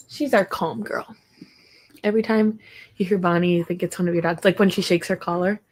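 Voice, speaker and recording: A woman's voice: on the low side, fairly even intonation, brisk, a little mellow. A young woman hosting a casual livestream from her home, chatting in a rambling way with viewers and stopping now and then to talk to her dog. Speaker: livestream host.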